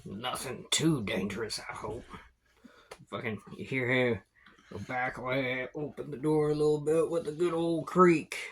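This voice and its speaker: Slow, rambling man running a game. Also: mid-range voice, steady tone, slight background noise. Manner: rambling, laid-back, with fillers and swearing. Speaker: game master. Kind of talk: narrating a tabletop game.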